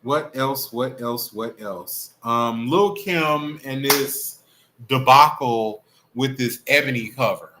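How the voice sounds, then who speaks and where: A man hosting a livestream, chatting in a sassy, animated, playful way about celebrity gossip. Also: mid-range voice, slow pace, slight background noise. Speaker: livestream host. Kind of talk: casual celebrity gossip chat.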